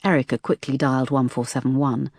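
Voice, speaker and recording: Low-voiced woman narrating a thriller. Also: steady tone, fairly quick, darkish tone, no echo, clean studio sound. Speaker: audiobook narrator. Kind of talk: scripted narration.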